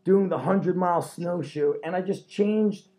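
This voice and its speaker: A male podcast host telling stories with lots of energy and an easy laugh. His voice is mellow and warm, pitched a little higher than most men's, and he talks in casual, rough-edged chat. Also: measured pace. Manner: animated storyteller, swears, laughs often.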